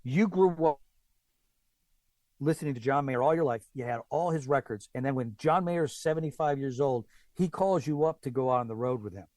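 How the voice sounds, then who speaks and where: A man telling stories as a guest drummer in a casual chat, acting out quotes in a higher voice. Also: moderate pace, dry recording. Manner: animated, acts out quotes with raised pitch. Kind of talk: casual storytelling.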